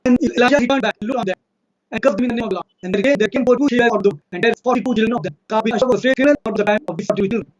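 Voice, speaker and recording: A man with an Indian accent arguing in a fast, insistent debate monologue, citing verses and repeating his points. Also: extremely high pitch, over a noisy crowd, low-quality recording. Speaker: religious debater.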